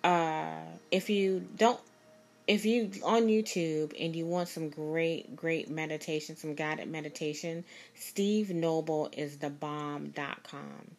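A woman's voice: sits low, steady tone, takes it slowly, darkish tone. A woman telling a personal story in a casual, rambling, emphatic way, repeating herself as she goes. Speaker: vlogger.

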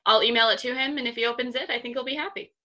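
A bright-voiced young woman in her twenties, chatting with friends over a video call. She tells her stories in an animated, fired-up way, and her voice sits a little high. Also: racing, highs cut off. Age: 20s. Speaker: podcast co-host. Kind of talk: casual chat among friends on a video call.

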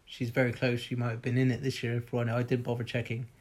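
A man's voice: medium pitch, monotone, fast talker. A man casually telling a personal story, candid and rambling, with plenty of ums and the odd swear.

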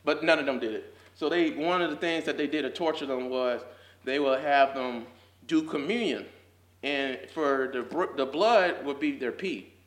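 A man's voice: medium pitch, normal speed. A young man teaching a casual Sunday school Bible lesson, talking in slang with lots of "like"s and growing fervent as he goes. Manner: fervent, builds to near shouting, laughs often; casual slangy talk with many "like"s. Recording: echoey room.

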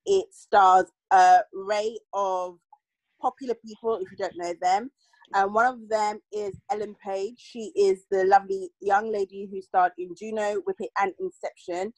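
A young woman rambles through a casual series review, restarting and correcting herself often. Her pitch sits mid-range. She is recorded dry, close to the mic. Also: fairly even intonation, moderate pace, dry recording, rough recording. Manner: chatty, rambling, self-correcting. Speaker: podcast co-host.

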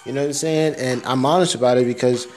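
A man's voice: mid-range voice, steady tone, fast, a little mellow, soft background music. A young man rambling through a casual, profane audio diary, laughing at his own jokes.

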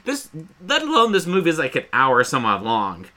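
A man's voice: mid-range voice, wildly swooping pitch, a little fast, bright, forceful tone. A man co-hosting a podcast, casually chatting and swearing as he rambles through a movie retelling. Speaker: podcast co-host. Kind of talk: casual chat.

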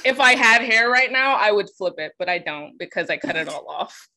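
A woman's voice: mid-range voice, expressive, normal speed, sharp tone, rough recording. A woman from Texas with a Southern twang, chatting casually as a podcast co-host and laughing often. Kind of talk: casual chat.

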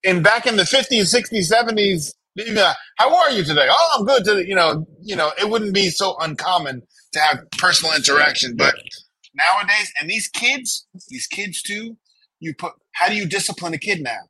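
Bright husky-voiced man chatting. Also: high voice, normal speed, dry recording, low-quality recording. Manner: animated, acts out quoted people. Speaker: podcast co-host. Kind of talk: casual chat.

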